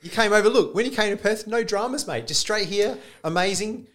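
A man's voice: sits high, a little fast, a crowd in the background. A man co-hosting a podcast, telling stories in a casual chat, laughing a lot and saying "mate" constantly. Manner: laughs a lot, tells stories, says mate all the time. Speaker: podcast co-host. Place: studio.

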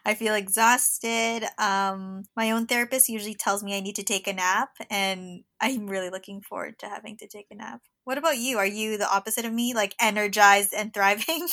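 A woman's voice: medium pitch, fairly even intonation, brisk, hardly any pauses, sharp tone. A young woman co-hosting a podcast from home over a remote call, chatting casually with sarcastic humor and frequent laughter. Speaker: podcast co-host. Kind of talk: casual chat.

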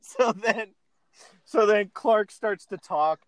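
A man's voice: sits high, slow pace, no echo. Laughing man retelling a movie. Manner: laughs often while retelling scenes. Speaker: podcast host. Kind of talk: casual chat, recapping a film.

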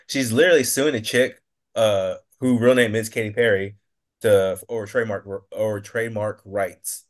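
A lowish male voice trading blunt, profane remarks in a relaxed podcast chat. He laughs easily and talks without any filter. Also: moderate pace. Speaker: podcast guest. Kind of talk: casual chat.

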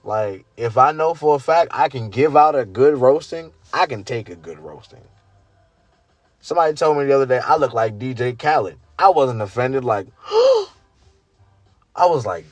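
A man, ranting casually and incredulously to his viewers, swearing and climbing high in pitch when worked up. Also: expressive, moderate pace, dry recording. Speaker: vlogger. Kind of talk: casual rant to camera.

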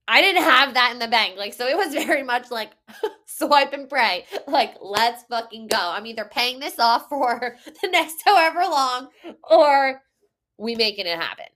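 A woman's voice: on the high side, fairly bright tone. A woman hosting her own podcast, telling a personal story in a candid, emotional way, swearing freely and laughing often. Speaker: podcast host and business coach. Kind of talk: casual podcast monologue.

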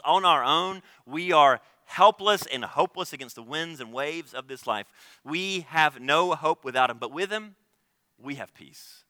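Young male pastor, bright and forceful tone, dry sound; earnest sermon delivery with hushed dips. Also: on the high side, animated, normal speed, no echo. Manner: earnest preaching, shifts between loud emphasis and hushed tones.

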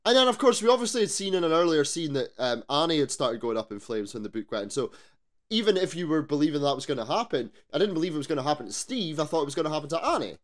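A man co-hosting a podcast in casual chat, animated, swearing freely and asking rhetorical questions. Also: a little high, fast talker. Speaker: podcast co-host.

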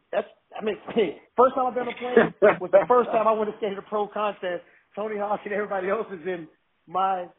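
A high-pitched man tells stories with excitement, stumbling and restarting as he goes. His voice is husky. The sound is thin and narrow, like a phone line. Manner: excited, animated storytelling with restarts. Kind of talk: casual storytelling chat.

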